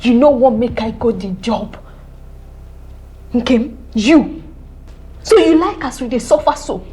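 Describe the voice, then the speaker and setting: An actress playing a bitter, struggling older sister, scolding and accusing, with a Nigerian accent. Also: female voice, a little high, expressive, slow pace, warm tone. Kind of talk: Nollywood film acting.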